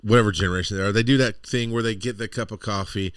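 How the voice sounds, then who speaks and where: A man's voice: on the low side, fairly even intonation, fast, clear, resonant tone, dry recording, clean studio sound. A middle-aged man co-hosting a podcast, chatting casually and telling rambling, exasperated stories. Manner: rambling storyteller, exasperated asides. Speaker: podcast co-host. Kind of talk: casual chat.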